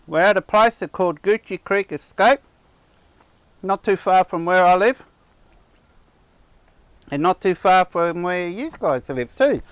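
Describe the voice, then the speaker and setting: A man talks casually to camera at an outdoor campsite. His voice is smooth and clear, a touch higher than most men's, and sounds dry with no echo. He rambles and restarts his sentences like a friendly host. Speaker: camping channel host. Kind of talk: casual vlog chat. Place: outdoor campsite on a cattle property.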